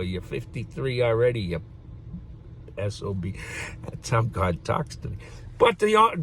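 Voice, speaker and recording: A man's voice: mid-range voice, creaky, slight background noise. A man in his fifties giving a rambling casual monologue to camera, swearing freely and chuckling between thoughts. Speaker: vlogger.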